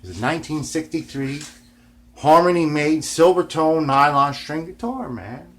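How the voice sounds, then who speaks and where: A man's voice: on the high side, moderate pace. Rambling laid-back man telling a story. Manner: laid-back, swears freely, fills every line with "man" and "you know what I mean"; animated, swinging between loud and hushed. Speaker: guitar vlogger.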